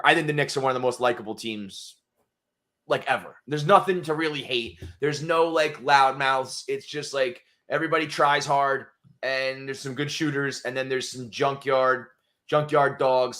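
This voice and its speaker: A man co-hosting a sports podcast, animated and swearing freely. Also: medium pitch. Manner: animated, swears freely, voices quotes loudly. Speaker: podcast co-host. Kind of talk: casual sports chat.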